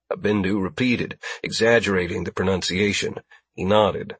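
Husky male audiobook narrator. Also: on the low side, moderate pace, fairly bright tone, dry recording. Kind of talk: scripted narration.

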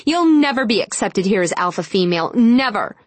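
A woman reading an audiobook and voicing a jealous, spiteful young she-wolf woman with a raised, shrill voice. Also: sing-song, a little fast, no room sound, lightly acted. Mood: possessive fury.

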